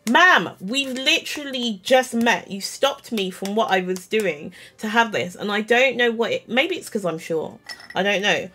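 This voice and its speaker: A woman, telling an animated, self-mocking story in a casual vlog, full of "like" and quoted dialogue. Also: medium pitch, a little slow, a little hiss or hum. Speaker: vlogger.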